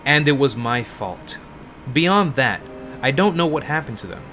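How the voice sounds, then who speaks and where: Man reading a grieving older woman in a game, tired husky voice, somber and slow. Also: mid-range voice, expressive, bright, forceful tone, a little hiss or hum. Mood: bitter. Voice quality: tired, husky put-on old lady voice. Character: weary older woman, grieving former cult member.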